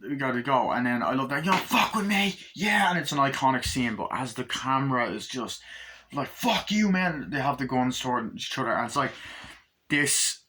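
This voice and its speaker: A movie reviewer gives a casual spoken review of a film he loves, loose and rambling, full of fillers and heavy swearing. His ordinary-pitched voice has a bright, forward edge at a moderate pace, and he retells the plot by acting out lines in raised, shouty voices. There's a little hiss or hum.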